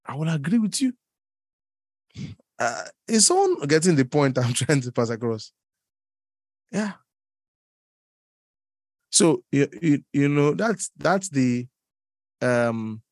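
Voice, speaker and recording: A man preaching a sermon in an animated, teasing way, laughing often and leaping up in pitch. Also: slow, long pauses, no echo, clean studio sound. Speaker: pastor.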